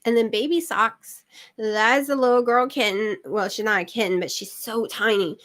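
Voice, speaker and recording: A woman's voice: fairly high pitch, normal speed, a bit bright. A middle-aged woman hosting her channel, chatting casually and rambling with lots of fillers. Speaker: channel host. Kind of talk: casual livestream chat.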